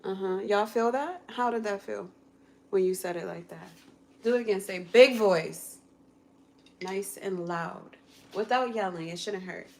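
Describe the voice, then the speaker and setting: A woman chatting casually on a livestream from her kitchen while cooking, coaching viewers step by step through a quick singing lesson in an encouraging way. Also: medium pitch, vocal fry, a little mellow. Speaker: content creator and vocal coach.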